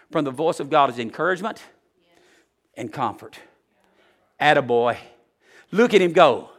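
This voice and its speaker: Bright-voiced preacher man. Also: high-pitched. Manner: folksy, swings from loud to hushed. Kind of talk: sermon.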